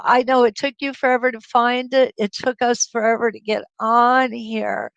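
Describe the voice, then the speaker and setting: Middle aged lady hosting a quilting livestream, high voice, slow and a bit gravelly, dry close sound. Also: no echo, poor audio. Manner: chatty and laughing, greets viewers by name. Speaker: host of a live quilting stream. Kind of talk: casual livestream chat greeting viewers. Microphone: computer webcam mic.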